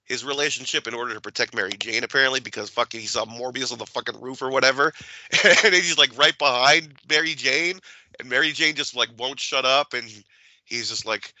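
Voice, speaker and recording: A man's voice: medium pitch, brisk, poor audio. A man co-hosting a podcast, chatting casually and swearing freely as he retells scenes. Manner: swears a lot, animated retelling. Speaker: podcast co-host. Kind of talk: casual chat.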